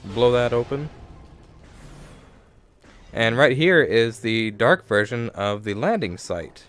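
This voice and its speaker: A man's voice: mid-range voice, lively intonation, slow, a bit bright, faint music behind. A young man giving casual let's play commentary into a desk microphone, rambling and correcting himself as he thinks aloud.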